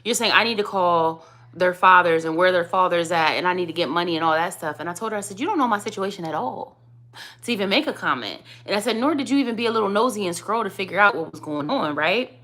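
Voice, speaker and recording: A woman with a hoarse voice, chatting casually to camera as a vlogger and mom of three, telling a story with lively emphasis. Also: lowish voice, quick pace. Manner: chatty, animated storytelling, addresses viewers as y'all. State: hoarse, voice going out.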